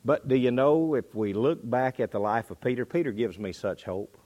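A man preaching a sermon, swinging between loud bursts and quiet drops. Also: moderate pace. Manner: dynamic delivery, pitch and volume rising and dropping.

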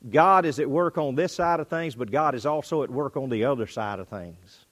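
A man preaching a sermon, swinging between loud bursts and quiet drops. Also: expressive, normal speed. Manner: dynamic delivery, pitch and volume rising and dropping.

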